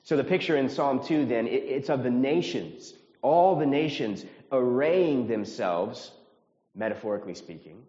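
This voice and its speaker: A man from the United States preaching a sermon as pastor, earnest, repeating phrases and rising in pitch when stirred. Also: lively intonation, normal speed, mellow. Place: church sanctuary. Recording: reverberant hall, slightly dull sound.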